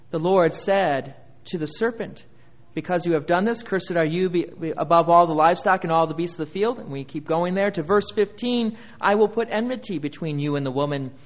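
A man's voice: on the high side, lo-fi sound. A male pastor preaching a sermon, reading scripture aloud and building emphasis through repeated phrases.

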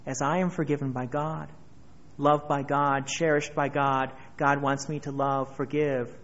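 A man preaching a sermon as pastor, earnest, his voice swelling louder on key phrases. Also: medium pitch, level tone, unhurried, dull audio.

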